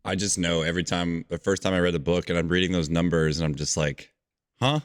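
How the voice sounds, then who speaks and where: Low-voiced male podcast host, animated and curious, casual interview manner. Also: fast. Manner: enthusiastic, incredulous, asks open questions.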